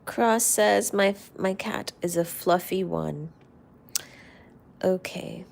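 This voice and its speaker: A woman hosting a casual live stream, chatting affectionately about her cats in a soft, rambling way that often drops to a near-whisper. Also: lowish voice, takes it slowly, vocal fry. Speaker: livestream host.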